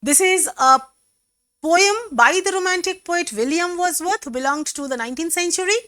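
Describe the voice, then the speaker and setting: A woman's voice: extremely high pitch, moderate pace, pushed and bright, no echo, clean studio sound. A woman English teacher with a Bengali accent, patiently explaining a poem's meter in a classroom lesson, breaking words into syllables.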